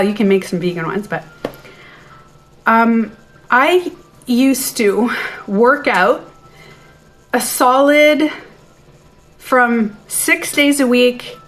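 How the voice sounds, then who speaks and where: Soft music plays as a middle-aged woman hosts a laid-back live stream from her den, slightly winded. Her voice is a little high, and she chats, reads viewers' comments, and interrupts herself often.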